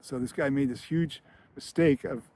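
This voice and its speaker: A man's voice: mid-range voice, steady tone, normal speed, warm tone, no room sound. A man hosting a screenwriting channel, telling a film scene in casual commentary with an enthusiastic, filler-heavy storytelling manner.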